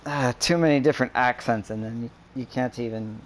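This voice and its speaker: A man in casual chat, rambling with many fillers and breaking into profane, animated rants. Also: mid-range voice, brisk, slight background noise.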